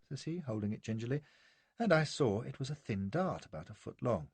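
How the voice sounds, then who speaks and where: A man's voice: medium pitch, big pitch swings, fairly quick, a little mellow, breathy edge, no room sound. A man narrating an audiobook in the first person, with a wry, sardonic storytelling manner.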